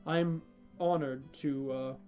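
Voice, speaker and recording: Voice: medium pitch, fairly even intonation, slow pace, dark tone, soft background music, lightly acted. A game master doing a bumbling ancient orc spirit. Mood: awkward.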